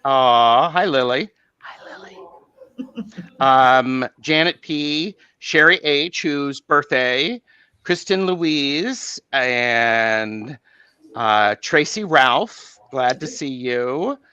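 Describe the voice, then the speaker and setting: A man as a guest in a casual video chat, measured and friendly, with frequent fillers. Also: medium pitch, expressive, bright, forceful tone, smooth, dry recording, highs cut off. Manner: measured, friendly, praising others with many fillers.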